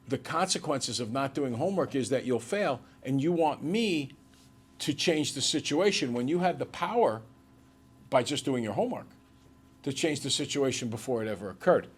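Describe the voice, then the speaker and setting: A man who teaches math, lecturing his class and then working through problems with his students. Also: fairly high pitch.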